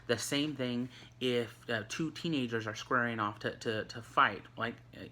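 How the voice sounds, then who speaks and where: Bright-voiced male teacher, chatty. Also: mid-range voice, normal speed. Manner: conversational, many fillers and restarts. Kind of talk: recorded online lesson. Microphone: recorded for an online video.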